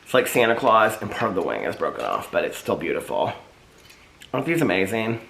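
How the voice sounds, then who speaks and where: A man vlogging casually to his viewers, chatty and animated, often asking them if they can see what he holds up. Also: on the low side, fairly quick, gravelly, roomy sound. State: out of breath. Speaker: vlogger showing old Christmas keepsakes. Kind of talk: casual chat to camera.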